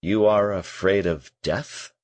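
Insistent male confessor, probing and pressing, read by a man, low husky voice, slow. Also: no room sound. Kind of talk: audiobook character reading.

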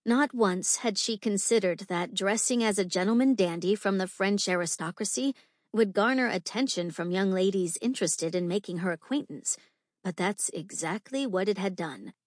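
A woman narrating an audiobook with a measured, clear storytelling delivery. Her voice sits at a middle pitch. The recording is dry and close, with no room sound. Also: no room sound.

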